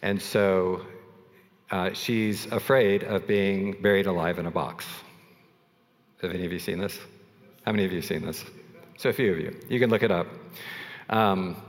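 A man preaching a sermon in a low voice, easygoing and conversational as he tells stories to his congregation. His words ring with the long reverb of a large church sanctuary. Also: fairly even intonation, moderate pace, pauses often. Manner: conversational, storytelling, self-deprecating asides. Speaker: pastor.

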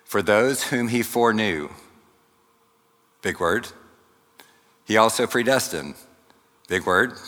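A man preaching a sermon, teaching slowly and deliberately with asides to the congregation. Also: on the low side, fairly bright tone. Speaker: pastor. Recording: long hall reverb.

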